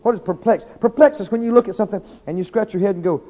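A man preaching a sermon, swinging between shouted declarations and quiet asides. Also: sits high, rapid-fire, slight background noise. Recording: dull lo-fi sermon recording.

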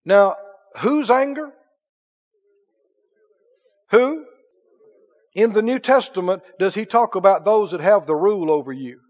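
Pastor, male, high-pitched preaching voice, emphatic call-and-response, muffled hall recording with long reverb. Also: animated, unhurried, long pauses. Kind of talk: sermon.

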